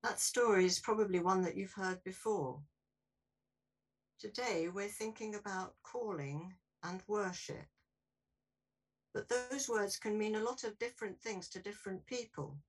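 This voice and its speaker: A woman preaching a sermon in a church in a clear, explanatory way. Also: mid-range voice, measured pace, distant mic, low-quality recording.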